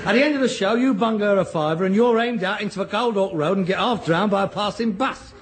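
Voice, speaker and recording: Sarcastic, exasperated son, high and animated, old radio sitcom with faint hiss. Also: male voice, fast talker. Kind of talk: 1960s British radio sitcom acting.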